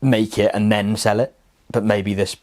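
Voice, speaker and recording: Excitable young man chatting. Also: moderate pace. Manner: excitable, pitch jumping up when enthused. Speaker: podcast co-host. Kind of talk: casual chat.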